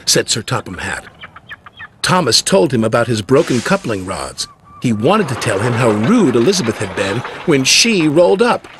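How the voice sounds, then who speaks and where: A man's voice: medium pitch, moderate pace. A man narrating a children's railway story. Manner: lively storytelling. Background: music.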